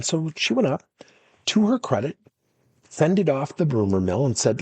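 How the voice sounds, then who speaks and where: A man's voice: a little high, moderate pace, long pauses, husky, no echo. A middle-aged man, a workplace coach and podcast host, telling stories and acting out the dialogue. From United States. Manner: animated, acts out dialogue in stories. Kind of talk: storytelling coaching talk.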